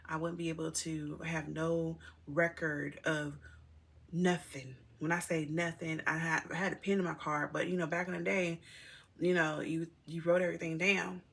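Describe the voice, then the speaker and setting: A woman's voice: low voice, vocal fry, fairly bright tone, slightly rough. A middle-aged mother telling her viewers a personal story in a candid, rambling, emotional way, often calling them y'all. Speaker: single mother vlogger.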